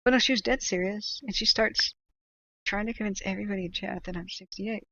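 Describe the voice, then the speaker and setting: A woman's voice: mid-range voice, a little fast, vocal fry, muffled recording. A woman hosting a livestream, talking casually and animatedly, with fillers and rants. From United States. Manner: animated, ranting, chatty with laughs and fillers. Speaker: livestream host tracking wildfires.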